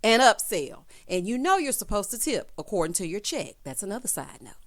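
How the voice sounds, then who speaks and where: A woman's voice: mid-range voice, sing-song, fairly quick. A woman recapping a reality show in a chatty, sassy way, full of quips like "child" and "honey". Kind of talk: casual opinionated show recap.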